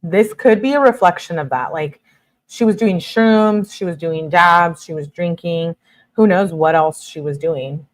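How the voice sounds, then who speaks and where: Low-voiced woman reading texts aloud. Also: unhurried. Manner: reads messages flatly, reacts with shocked asides. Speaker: true crime commentator.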